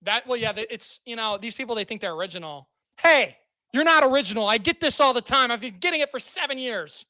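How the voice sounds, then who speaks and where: Bright high-voiced joking streamer man. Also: quick pace, hardly any pauses. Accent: non-Southern American. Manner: excitable, joking, bursts into loud mock outrage. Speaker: streamer host. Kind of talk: casual livestream chat.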